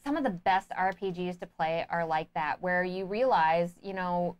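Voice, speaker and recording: A woman's voice: on the low side, moderate pace, smooth. A woman co-hosting a crowdfunding review show, chatting casually and eagerly about games. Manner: enthusiastic and excitable. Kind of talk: casual chat.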